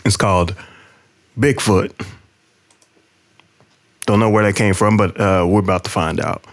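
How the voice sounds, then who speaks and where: A man hosting a podcast, talking casually and halting with frequent fillers as he sets up songs. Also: fairly low pitch, fairly even intonation. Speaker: podcast host. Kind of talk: casual commentary.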